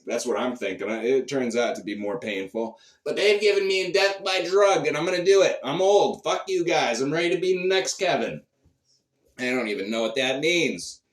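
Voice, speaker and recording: A man performing a profane comic rant, shifting between low mutters and sudden shouts. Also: echoey room, recorded from a distance. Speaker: comedian. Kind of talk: character comedy monologue.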